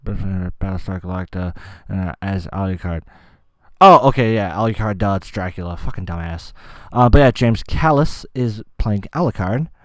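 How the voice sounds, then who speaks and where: A man's voice: deep voice, expressive, moderate pace, no echo. Guy rambling on his gaming podcast, swears a ton, loses his place, dry close mic. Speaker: podcast host. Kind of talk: casual solo gaming podcast.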